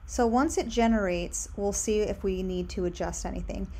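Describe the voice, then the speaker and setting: Clicking through design tools on a shared screen, a young candle brand owner chats casually, brimming with upbeat recommendations. Her voice is medium in pitch with a dark tone, and she moves at a normal speed.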